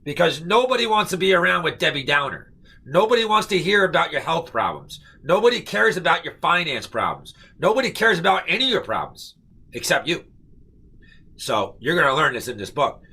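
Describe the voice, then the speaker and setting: A man's voice: on the high side, sing-song, a little fast, gravelly, sharp tone, husky. A man giving an emphatic, repetitive motivational pep talk to camera, stressing his points with "okay?". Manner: fired-up, preachy. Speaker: network marketing motivational speaker.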